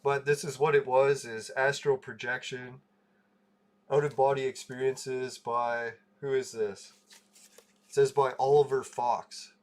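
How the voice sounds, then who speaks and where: A man's voice: medium pitch, flat delivery, takes it slowly. A man hosting a casual livestream, telling a rambling story, laughing and swearing freely. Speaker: livestream host.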